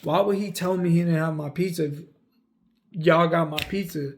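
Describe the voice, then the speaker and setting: A man's voice: on the high side, steady tone, normal speed, gravelly, slight background noise. A young man from the United States telling a story, rambling with lots of fillers and cursing. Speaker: vlogger. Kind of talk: casual storytelling.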